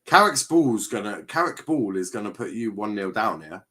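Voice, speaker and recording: A man's voice: on the low side, sing-song, normal speed, pushed and bright, slightly rough. A man hosting a live football watchalong stream, reacting with exasperation and frequent swearing as he chats to viewers.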